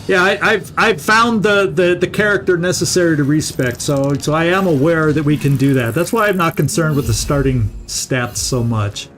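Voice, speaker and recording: Middle-aged male let's-play host, slightly high voice, chatty and unhurried, thinks out loud and restarts his words; faint music underneath. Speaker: gaming channel host. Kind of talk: casual let's-play commentary.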